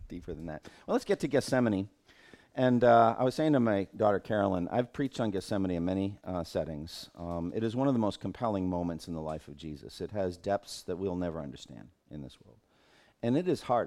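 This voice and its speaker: A middle-aged man teaching scripture to a group as their pastor. His voice sits a little low, and he speaks earnestly, thinking aloud and restarting phrases as he goes. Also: darkish tone. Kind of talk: teaching a Bible class.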